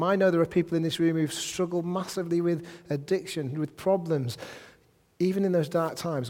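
Animated male preacher in a reverberant hall. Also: fairly high pitch. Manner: animated, shifting between soft asides and loud emphatic bursts. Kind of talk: sermon with scripture reading. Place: church hall.

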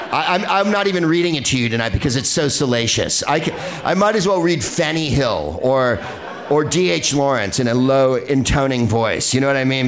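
Animated, digressive male podcast host. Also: medium pitch. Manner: animated, digressive, profane, laughing asides. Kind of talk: rambling comic film talk. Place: live venue with an audience.

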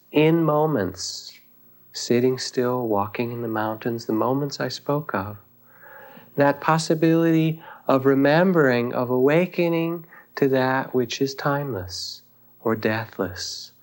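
Reflective male meditation teacher. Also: medium pitch. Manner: reflective, unhurried, with thoughtful pauses. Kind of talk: dharma talk with storytelling.

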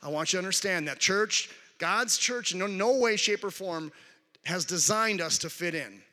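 A man's voice: sits high, animated, normal speed, bright, forceful tone, big-room sound. A male pastor preaching a conversational sermon to his congregation, with frequent restarts and call-outs to the crowd. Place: large church hall.

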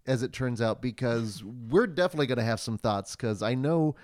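A man's voice: mid-range voice, lively intonation, a little fast, a little mellow. A man hosting a casual podcast chat about films, with a dry, close sound and no room echo. He rambles along loosely and laughs easily between thoughts. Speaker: podcast host.

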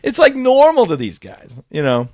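Animated middle-aged man telling a story. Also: very high-pitched, moderate pace. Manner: animated, acts out quotes, laughs often. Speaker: actor and comedian, guest. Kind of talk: comic storytelling in casual chat.

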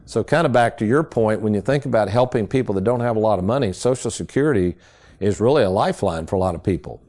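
A man's voice: fairly low pitch, expressive, fast, a little mellow. A man, hosting a financial radio show in a casual, folksy storytelling way. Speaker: financial advisor and radio host.

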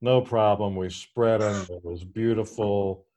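A fairly low-pitched man hosting a podcast, spinning a rambling anecdote for his friends. He pokes fun at himself and chuckles through the telling, in a loose, casual way. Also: fairly even intonation, measured pace, mellow, slight background noise. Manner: rambling, self-mocking, laughs while telling. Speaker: podcast host. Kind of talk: casual storytelling.

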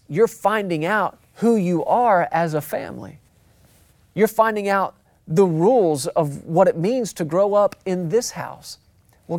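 A man's voice: high voice, a little mellow, no room sound, clean studio sound. A man preaching a sermon, talking conversationally, repeating phrases for emphasis and acting out quotes. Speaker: pastor.

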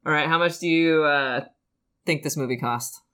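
A woman's voice: sits low, normal speed, a bit bright. A woman co-hosting a casual movie review podcast, chatty and enthusiastic, steering the conversation with questions and box office figures. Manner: chatty, enthusiastic, leads the segments. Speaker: podcast co-host.

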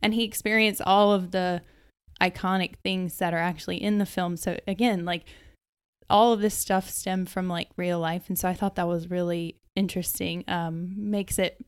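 A woman's voice: fairly low pitch, steady tone, moderate pace, smooth. A woman, a guest on a casual movie podcast, sharing trivia in a chatty, hesitant way with many fillers.

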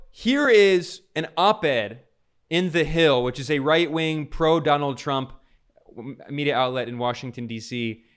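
A man's voice: medium pitch, a bit bright, smooth. A man delivering an emphatic political commentary monologue, piling up long lists of charged words.

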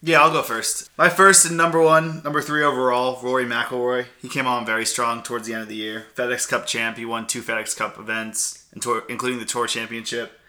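Wisecracking young man with a bright voice. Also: mid-range voice, level tone, fairly quick, hardly any pauses. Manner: wisecracking, chatty. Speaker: podcast co-host. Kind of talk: casual sports chat.

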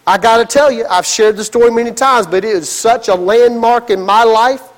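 Man, pastor, dramatic sermon, very high voice, long echo of a church hall. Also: normal speed. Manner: dramatic, with sudden emphatic outbursts.

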